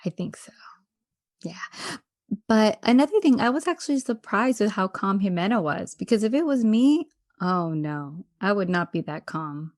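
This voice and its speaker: A woman's voice: mid-range voice, normal speed, no echo, studio quality. A woman co-hosting a podcast, chatting casually and animatedly about a reality show and acting out scenes from it. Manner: animated, acts out quotes from the show. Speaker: podcast co-host. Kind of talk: casual reality-TV recap chat.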